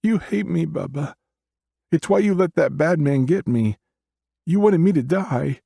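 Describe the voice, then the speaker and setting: A small ghostly girl calls out plaintively, her voice pitched high and thin, as a man puts her on. It has a faintly husky edge and sits dry and close, like an audiobook read. She sounds hurt and accusing. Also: lively intonation, unhurried, dark tone, dry recording, exaggerated voice. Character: ghostly little girl calling for her brother.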